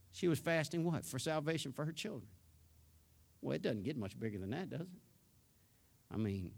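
Emphatic preaching man, loud then hushed. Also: medium pitch. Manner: swings from loud emphatic preaching to soft, subdued storytelling. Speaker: pastor. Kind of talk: sermon.

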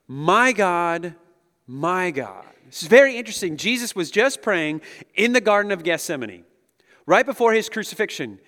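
A man in his thirties, a pastor giving a conversational, animated sermon and chuckling often as he speaks to the room. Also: sits high, fairly quick. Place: large hall with an audience. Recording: long echo of a big hall.

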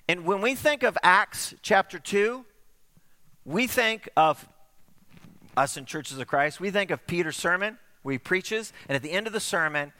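A man's voice: high voice, sharp tone, long reverb tail. A man preaching a sermon, telling a story with acted-out dialogue.

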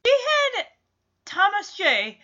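A woman's voice: very high-pitched, big pitch swings, takes it slowly, sharp tone. A woman giving casual, sarcastic running commentary while watching a film, laughing often. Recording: slightly dull lo-fi audio.

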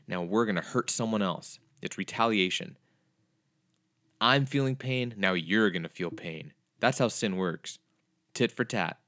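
A man with a somewhat low voice teaches scripture in podcast form. He talks earnestly, driving points home with repeated phrases. The sound is dry, with little room around it. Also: fairly bright tone, no echo. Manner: earnest, repetitive emphatic phrasing.

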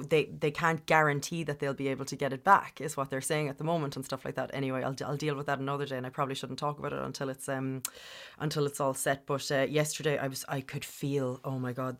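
A woman talking candidly as a podcast guest, chatty and full of restarts, sometimes clearing her throat. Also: low-pitched. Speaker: podcast guest, business founder. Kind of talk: candid conversational interview.

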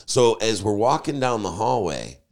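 A man, a podcast host and DJ, telling a story in casual chat, animated and swearing freely. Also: fairly low pitch, normal speed.

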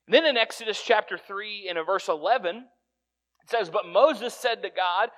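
A male preacher with a high, bright, forceful voice delivers a sermon. He speaks earnestly and conversationally, often stumbling and restarting mid-sentence as he works through his point. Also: moderate pace.

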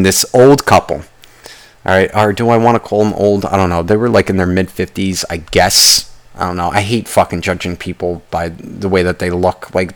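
A young man hosting a podcast, telling a long story in a casual, rambling way and swearing constantly. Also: low voice. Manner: rambling with restarts and asides. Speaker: podcast host.

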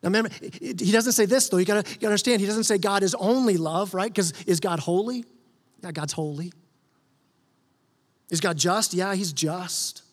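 A man's voice: sits high, normal speed, big-room sound. A male pastor preaching a sermon in an earnest, conversational way, often restarting his words. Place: church sanctuary.

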